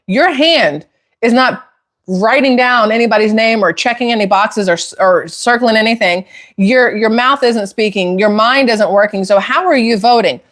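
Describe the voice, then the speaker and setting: A woman hosting a casual opinion talk for viewers, heated and emphatic, climbing into outraged near-shouts. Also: fairly high pitch. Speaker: political commentary host.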